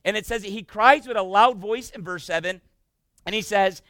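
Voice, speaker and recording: A male pastor preaching a sermon, emphatic and swinging between loud bursts and hushed passages. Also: high voice, moderate pace, no echo.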